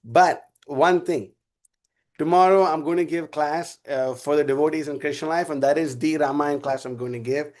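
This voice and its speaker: Man teaching a class, slightly high voice, rambling anecdotes. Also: fairly even intonation, normal speed, darkish tone. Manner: rambling, storytelling, laughs often. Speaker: class speaker. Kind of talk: casual spiritual class talk.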